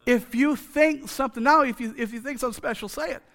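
A quick-paced male pastor with a very high, gravelly, fairly bright voice preaches a sermon. He keeps it chatty and joking, uses repetition for emphasis, and fills it with rhetorical asides and questions to the congregation.

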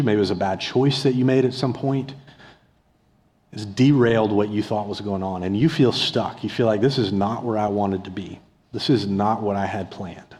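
A middle-aged pastor preaching a conversational sermon, asking his listeners rhetorical questions and acting out a beggar's yelling in places. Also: on the low side. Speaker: discipleship pastor. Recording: long hall reverb.

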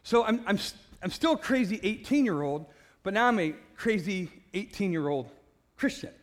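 At a moderate pace and with a voice that sits high, a man relates his personal faith testimony. He trips over repeated words, laughs at himself, and tells it animatedly, describing himself as passionate and loud.

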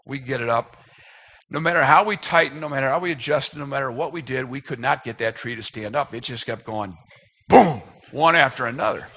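A man's voice: medium pitch, a little fast, fairly bright tone. A man in his fifties, a speaker telling a self-deprecating, humorous personal story as part of a sermon.

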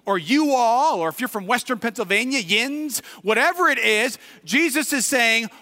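A male pastor with a Midwestern American accent preaching a sermon, moving from quiet reflection to shouted emphasis. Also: very high voice, lively intonation, moderate pace. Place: church sanctuary. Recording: reverberant hall, distant at times.

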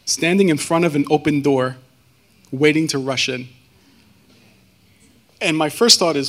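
A man giving a personal testimony as a guest speaker, earnest and halting, with many fillers and restarts. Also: a little high, a bit bright, a little hiss or hum.

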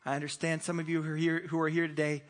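A man's voice: on the high side, flat delivery, quick pace. A man preaching a conversational sermon as pastor, acting out little dialogues and chuckling as he goes. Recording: reverberant hall.

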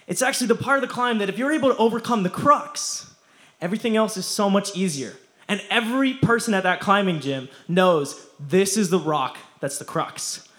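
A man's voice: sits high, fairly bright tone. A young man preaching a casual youth sermon, slangy and playful, often laughing as he talks.

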